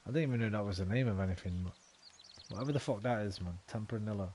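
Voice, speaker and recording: A man's voice: lowish voice, very fast, warm tone, slight background noise. A young man giving casual, swear-filled commentary while playing a video game and talking back to it. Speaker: game streamer. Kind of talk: casual let's-play commentary.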